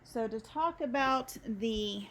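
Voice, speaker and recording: A woman talks through a recorded university lecture at a slow, deliberate pace. She stops often, fills gaps with ums, and explains each point one step at a time as she moves through her material. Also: fairly high pitch, expressive, a bit bright, slight background noise. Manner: unhurried, explains with many ums and pauses. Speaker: university instructor. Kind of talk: recorded screen-share lecture.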